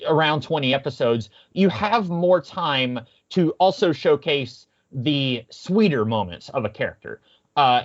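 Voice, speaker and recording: A man chatting casually on a podcast, rambling with many fillers and restarts. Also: mid-range voice. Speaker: podcast co-host. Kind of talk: casual chat. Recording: muffled lo-fi audio.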